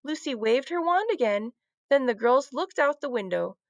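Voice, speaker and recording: Expressive woman reading a storybook. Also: high-pitched, moderate pace, dry recording. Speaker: teacher reading aloud. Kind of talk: children's book read-aloud.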